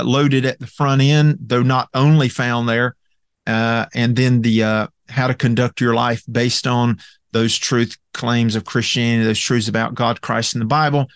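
Halting male Bible teacher with gravelly voice. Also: mid-range voice, fairly bright tone, dry recording. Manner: halting, many fillers and restarts; methodical, walks through charts and Greek word roots. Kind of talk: recorded Bible lecture with slides.

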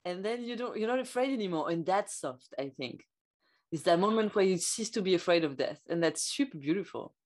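Podcast cohost woman, kinda low voice, lots of um and like, hesitant. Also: lively intonation, fairly quick. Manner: hesitant, lots of fillers, searching for words. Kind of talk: casual conversation.

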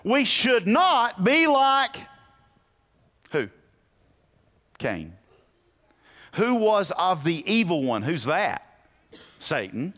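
Fervent higher-voiced male preacher. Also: huge pitch swings, extremely slow, pauses often. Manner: dynamic preaching, swinging between hushed and loud; quizzes the congregation with questions. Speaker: pastor. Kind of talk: sermon.

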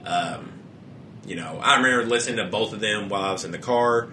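A man's voice: lowish voice, fairly quick, sharp tone, slight background noise. A young man co-hosting a podcast, rambling casually with frequent restarts and a lot of swearing. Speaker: podcast co-host.

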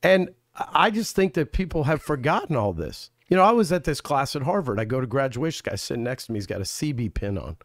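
A man's voice: mid-range voice, very animated, quick pace, few pauses, no room sound, clean studio sound. Emphatic man telling political anecdotes. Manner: emphatic storyteller, quotes others in anecdotes. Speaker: Senate candidate, guest. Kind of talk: casual political chat.

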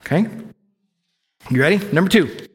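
A man's voice: a little high, animated, normal speed, in a large hall. A middle-aged male pastor giving a candid, conversational sermon, openly sharing his own struggles with the congregation. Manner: candid, conversational, self-disclosing. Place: church sanctuary.

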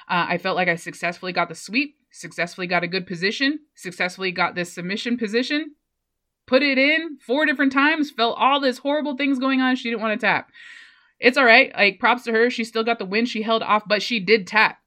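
A young woman hosts her podcast in an energetic, profane monologue. Her voice is bright and forceful, pushing hard as she hypes up the listener. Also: mid-range voice. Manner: blunt, profane and fired up. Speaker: podcast host.

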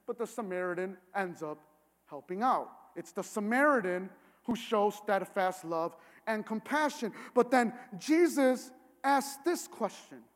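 Man preaching, really high voice, earnest and gets loud and emphatic, big echoey church sound. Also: lively intonation, unhurried. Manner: earnest, builds to emphatic near-shouting. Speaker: pastor. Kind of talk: sermon. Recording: long hall reverb.

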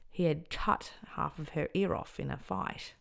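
A young Australian woman hosting a podcast, earnestly recounting a personal story and often dropping into quiet, near-whispered lines. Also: low-pitched, measured pace, vocal fry. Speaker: podcast host.

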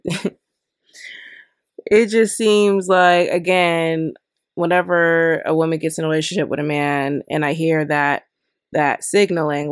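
A woman's voice: fairly low pitch, dry recording. Exasperated woman ranting into a dry mic. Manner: exasperated, fires rhetorical questions. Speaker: podcast host. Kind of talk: opinionated commentary rant.

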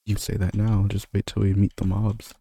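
A man's voice: lowish voice, completely flat delivery, normal speed, creaky, dark tone, slight background noise. A man chatting playfully and easily with a friend while they play a game together. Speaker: gamer. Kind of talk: casual co-op gameplay chat.

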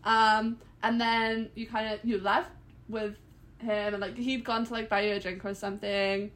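A woman in her twenties, co-hosting a casual podcast, telling a story in a relaxed way with lots of fillers. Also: mid-range voice. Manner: relaxed storyteller, filler-heavy, quick to laugh. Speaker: podcast co-host. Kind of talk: casual chat.

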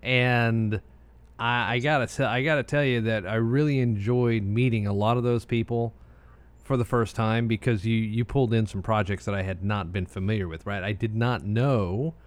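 Brief: easygoing American man, lowish voice, loose chatty co-host. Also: moderate pace, dry recording. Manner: relaxed, meandering, many restarts and filler asides. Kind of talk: casual chat.

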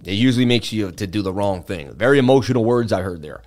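A man hosting a live market-analysis stream, talking in a chatty, excitable way and turning to his viewers to answer chat between chart readings. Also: on the low side, quick pace. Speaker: livestream host.

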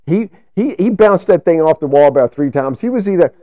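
A man co-hosting a podcast in casual banter, his pitch swinging lively as he rambles through stories. His voice is mellow and dark, recorded close and dry. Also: fairly quick, dry recording, muffled recording. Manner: loose, laid-back storytelling with profanity. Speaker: podcast co-host.

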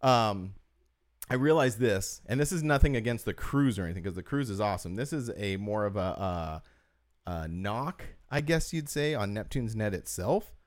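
Here a man with a lowish, animated voice talks at a normal speed. He co-hosts a podcast, chatting casually and rambling through lengthy, filler-heavy stories with "like" everywhere.

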